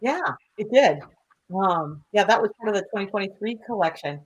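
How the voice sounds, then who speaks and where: A woman's voice: mid-range voice, expressive, moderate pace, breathy edge. A woman co-hosting a podcast interview, friendly and chatty with many fillers. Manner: friendly, laughs often, filler-heavy. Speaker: podcast co-host. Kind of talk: casual interview chat.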